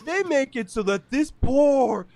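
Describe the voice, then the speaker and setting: A man voicing an outraged adult male TV show host, ranting loudly in a scandalized way. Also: very high voice, expressive, measured pace, voice pushed up, exaggerated voice.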